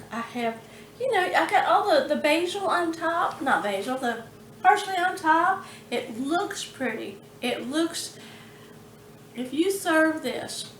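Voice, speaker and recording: A woman's voice: sits high, reverberant, a little hiss or hum. A woman hosting a home cooking vlog, chatting in a homey, chatty way with frequent laughs. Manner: warm, chatty, slow and homey, laughs often. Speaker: cooking channel host. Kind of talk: casual cooking vlog chat. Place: home kitchen.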